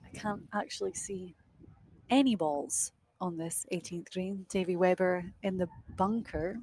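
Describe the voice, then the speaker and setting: A woman's voice: on the low side, a little slow, a little mellow. A young woman doing live golf commentary outdoors on a windy course, chatty and self-deprecating.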